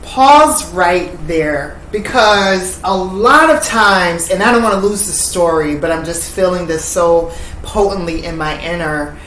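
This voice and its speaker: A woman's voice: fairly low pitch, animated, unhurried, a bit bright. A woman hosting a podcast interview, affirming and reflective as she asks about her guest's story. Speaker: podcast host. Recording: roomy, distant mic, faint noise.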